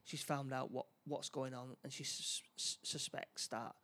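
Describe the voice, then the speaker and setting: This man's medium-pitched voice has a sharp, level tone. He casually retells a movie, tripping over frequent restarts and performing the characters' dialogue himself.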